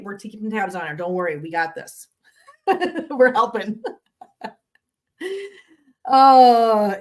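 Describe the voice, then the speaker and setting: A middle-aged woman hosting a casual cat live stream from her home studio, chatting with viewers, answering the chat and laughing often. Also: a little high.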